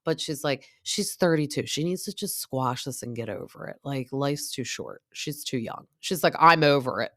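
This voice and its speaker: A woman's voice: rumbling low, expressive, moderate pace, no room sound, studio quality. A woman in her thirties giving a chatty, gossipy recap of a reality show, full of asides and quoted lines. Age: 30s. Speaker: podcast host.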